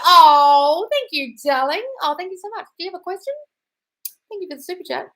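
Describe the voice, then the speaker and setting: A woman in her thirties hosts a casual live Q&A, reading out viewer comments and answering bluntly with plenty of swearing, calling people "darling." Her voice is very high, animated and fairly bright, she talks fairly quickly, and the recording is rough.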